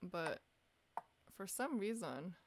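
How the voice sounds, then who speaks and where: A woman's voice: on the low side, sing-song, slow. A woman chess streamer thinking aloud as she analyzes her games, asking herself questions and poking fun at her own mistakes. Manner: muses aloud, asks herself questions, self-deprecating.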